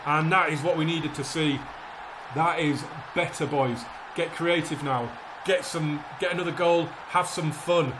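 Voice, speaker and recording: A gaming YouTuber plays a football management game and commentates live like a match caller, excitable and fretting aloud about results. His voice is fairly high and unhurried, with noise in the background.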